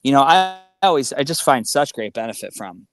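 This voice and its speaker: A man talking as a guest in a casual conversation, an animated and rambling storyteller. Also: mid-range voice, brisk. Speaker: podcast guest.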